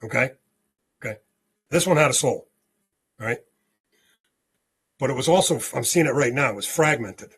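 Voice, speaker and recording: A man guest on a spiritual podcast, telling a story in an animated way and often checking in with "okay?". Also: medium pitch, moderate pace, pauses often, husky.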